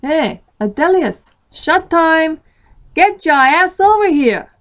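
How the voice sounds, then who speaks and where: A rowdy, throaty bartender with a Southern US drawl, as a woman puts him on in a story reading. He hollers across the bar in a loud, high-pitched voice. The tone is brash and boyish. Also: big pitch swings, slow, full character voice.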